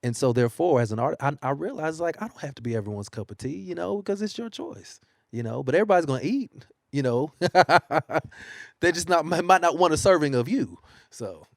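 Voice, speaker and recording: Animated male singer, dry close sound. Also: fairly high pitch, fast, gravelly, no room sound. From United States. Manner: animated storytelling, laughs often. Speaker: singer and guest. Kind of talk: casual interview. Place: newspaper studio.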